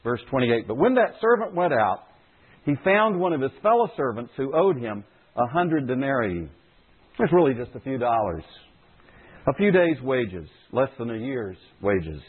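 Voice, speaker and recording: Husky, animated man preaching a sermon. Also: mid-range voice, moderate pace. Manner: emphatic, repeats key phrases for stress. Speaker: pastor. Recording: tinny phone-like audio.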